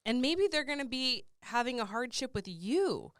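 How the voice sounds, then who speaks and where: A woman's voice: sits high, lively intonation, moderate pace, no echo, studio quality. A woman co-hosting a podcast and working as a coach, explaining things in a casual, conversational way with many fillers.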